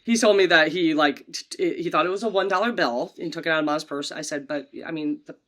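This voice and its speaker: Bright-voiced woman podcast host. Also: low voice, fast. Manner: profane, animated storyteller. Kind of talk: casual family chat.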